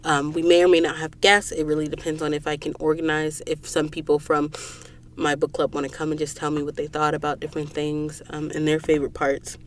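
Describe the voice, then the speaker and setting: A woman's voice: sits low, flat delivery, a little fast, slight background noise. A woman hosting a podcast, retelling a novel's events in a chatty, casual storytelling way from a recording booth. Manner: chatty storytelling, lots of "um" and "she's like". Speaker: podcast host. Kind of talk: casual book recap podcast.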